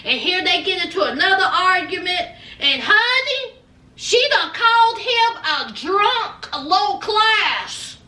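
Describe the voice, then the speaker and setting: A woman with a very high, bright voice gives a sassy, slow, drawn-out recap of a reality show. She talks straight to her listeners and keeps calling them honey. The mic sits some distance away in an echoey room. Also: very animated. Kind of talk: sassy casual recap commentary.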